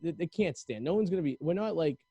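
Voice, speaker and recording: Young male host, rapid storyteller, dry close mic. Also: on the high side, lively intonation, dark tone, slightly rough, dry recording. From north of Boston. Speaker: podcast host. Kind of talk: casual interview chat. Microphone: home studio mic.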